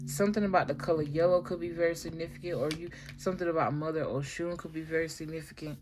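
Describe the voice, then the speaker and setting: A woman's voice: deep voice, fairly even intonation, fast, background noise. A woman giving a casual tarot reading, talking in a slangy, emphatic way and swearing freely. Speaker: tarot reader.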